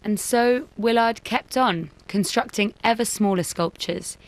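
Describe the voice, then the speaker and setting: A woman giving scripted documentary narration in a measured, even delivery. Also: a little high, rough recording.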